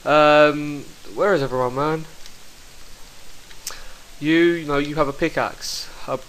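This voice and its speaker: A young man commentating his own online game fights, excitable and quick to swear, talking into a headset mic. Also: on the high side, poor audio. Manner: excitable, swears, bursts into shouts. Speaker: gaming commentator. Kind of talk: live gameplay commentary.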